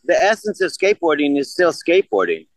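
A man's voice: fairly high pitch, huge pitch swings, fast, no echo, low-quality recording. An older man in a casual interview, blunt and profane, rambling through stories. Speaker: guest.

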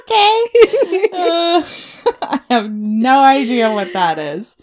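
A woman's voice: fairly high pitch, huge pitch swings, slow pace. A young woman from Pennsylvania co-hosting a podcast, chatting casually, laughing, and telling stories with lots of "like". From Pennsylvania, USA. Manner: chatty, laughing, many "like" fillers. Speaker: podcast co-host. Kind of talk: casual chat, storytelling.

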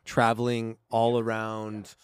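A man's voice: on the low side, completely flat delivery, takes it slowly, clean tone, no echo. Chatty upbeat man co-hosting a podcast. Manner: chatty and upbeat, with frequent fillers. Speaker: podcast co-host. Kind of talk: casual chat.

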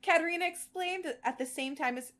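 A woman with a high voice co-hosts a podcast, reading a fan-fiction story aloud and breaking off to chat. She is animated and blunt, swearing casually as she goes. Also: a little fast. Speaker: podcast co-host.

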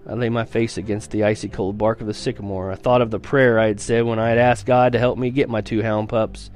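A man's voice: on the low side, level tone, fairly quick, darkish tone. A man reading a first-person novel aloud in an earnest storytelling manner, with small stumbles and restarts. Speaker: reader of a novel.

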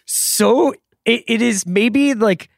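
A man's voice: very high-pitched, slow, vocal fry, no room sound, studio quality. A man in his forties co-hosting a podcast, chatting casually with jokes, tangents and self-deprecating asides. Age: 40s. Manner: joking, rambling, self-deprecating. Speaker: podcast co-host. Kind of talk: casual chat.

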